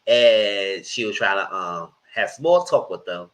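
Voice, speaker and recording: A man's voice: fairly low pitch, animated, a little slow, rough recording. A man giving a casual TV episode recap, retelling scenes animatedly with frequent restarts. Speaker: TV reviewer.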